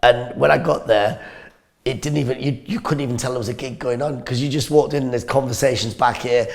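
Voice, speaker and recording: A man's voice: mid-range voice, brisk, creaky. A man telling a comedy anecdote on a podcast, acting out the people in his story and laughing often. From northeast England. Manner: animated storyteller, acts out the people in his stories, laughs a lot. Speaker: comedian co-host.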